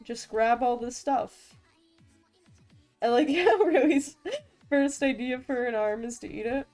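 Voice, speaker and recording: A woman's voice: a little high, slow, a little mellow, soft background music. A woman streaming as a vtuber, chatting casually with viewers while drawing, playful and self-mocking with frequent laughs and restarts.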